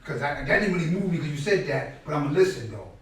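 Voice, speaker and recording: Middle-aged male speaker, fairly high voice, lively storyteller, recorded far off in a booming room. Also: fast. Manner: animated, acts out quoted people loudly, repeats words. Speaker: guest speaker at a class. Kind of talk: conversational storytelling lecture. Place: indoor classroom space. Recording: very echoey room, mic far off.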